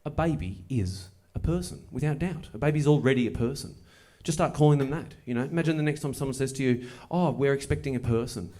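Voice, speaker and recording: A male stand-up comedian. He tells a long story on stage with dry, deadpan timing and then climbs into excited bursts. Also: a little high, fast talker, hardly any pauses. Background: audience laughter.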